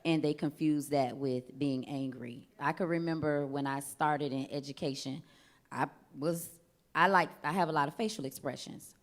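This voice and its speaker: A woman's voice: deep voice, moderate pace. A woman educator speaking as a guest on a panel talk show, firm and confident.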